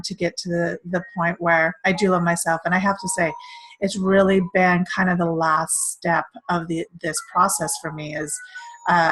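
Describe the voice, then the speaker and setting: A woman's voice: lowish voice, a little hiss or hum, rough recording. A middle-aged woman hosting a casual spiritual self-care talk, earnest and rambling, with many fillers. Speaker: self-care course host.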